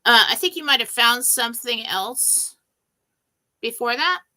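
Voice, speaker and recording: Woman psychic on a live stream, bright tone, casual and rambling. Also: on the high side, animated, measured pace. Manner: casual, loose, thinks aloud with fillers. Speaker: psychic answering viewer questions.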